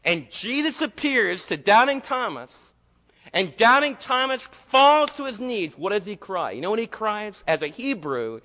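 A man's voice: high voice, big pitch swings, a little slow, bright, forceful tone. A man preaching a sermon in a church, emphatic and full of rhetorical questions. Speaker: pastor. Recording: long hall reverb.

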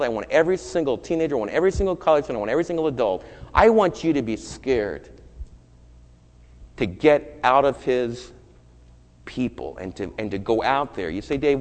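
A man who is a pastor delivering a sermon, moving from loud, urgent preaching to hushed, low storytelling. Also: in a large hall.

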